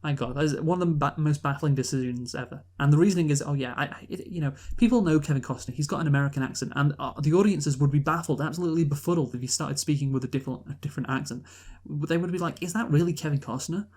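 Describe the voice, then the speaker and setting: A man casually reviewing a film on a podcast, talking in an animated, exasperated way with lots of restarts and laughs. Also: fairly high pitch, fast talker, few pauses. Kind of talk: casual conversational movie review.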